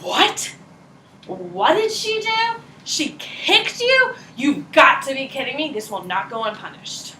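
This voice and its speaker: A teacher doing indignant tattling nerve cells. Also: female voice, sits high, very animated, normal speed, pushed and bright, slight background noise, full character voice. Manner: indignant, exaggerated exclamations. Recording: roomy classroom echo.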